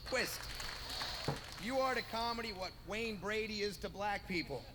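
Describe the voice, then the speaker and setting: A man performing a stand-up roast set, firing off biting insult jokes with filler pauses between punchlines. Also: sits high. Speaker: roast comedian. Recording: noisy live roast recording.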